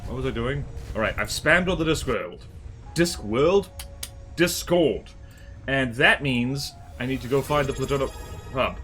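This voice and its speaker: A man streaming a game live, chatting casually and reading chat, yelping and rambling excitably. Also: medium pitch, fairly quick, soft background music.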